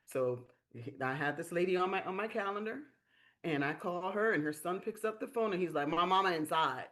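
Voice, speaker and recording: A woman hosting a live-stream business training, telling stories in a lively way and acting out the quotes. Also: on the low side, brisk. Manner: lively storyteller, acts out quotes. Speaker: sales training host.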